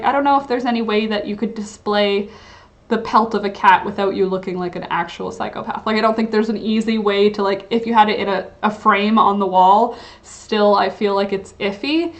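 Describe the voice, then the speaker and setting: A young woman hosting a casual livestream, chatting and reading chat comments, rambling with lots of "like" and "um". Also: medium pitch. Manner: rambling, filler-heavy, frequent "like" and "um".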